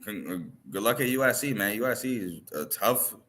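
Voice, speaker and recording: Bright, emphatic man talking sports. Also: on the low side, expressive, moderate pace, a little hiss or hum. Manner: emphatic, rhetorical questions. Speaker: podcast co-host. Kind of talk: casual sports chat.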